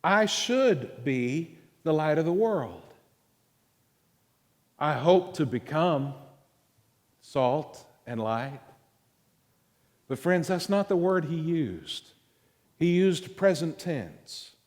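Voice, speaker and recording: Preacher man, slow and emphatic, voice echoing in a big church hall. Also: a little high, very animated, darkish tone. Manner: slow, emphatic preaching with stressed words and pauses. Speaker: pastor. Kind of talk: sermon. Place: church sanctuary. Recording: long reverb of a large hall.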